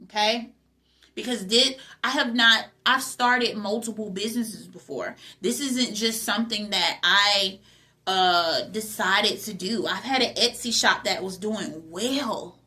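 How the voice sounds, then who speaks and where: A woman's voice: medium pitch, a little slow, bright, forceful tone. A young adult woman, host of her own channel, giving an emphatic motivational talk about spiritual growth, repeating phrases and asking rhetorical questions.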